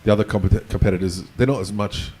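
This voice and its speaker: Low casual man telling panel anecdotes. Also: fairly even intonation, quick pace, dark tone, slightly rough. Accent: non-American. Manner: casual, anecdotal, swears offhandedly. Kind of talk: conference panel discussion.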